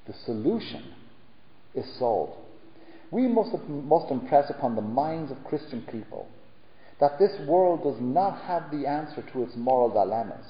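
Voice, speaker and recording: A man preaching a sermon in a measured, emphatic way, with deliberate repetition. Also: mid-range voice. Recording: echoey hall, dull lo-fi sound.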